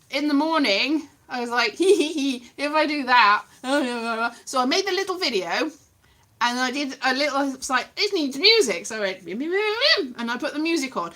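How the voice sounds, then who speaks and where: Bright, animated woman vlogging. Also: high voice. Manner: playful, animated, silly asides. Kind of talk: casual chat to camera.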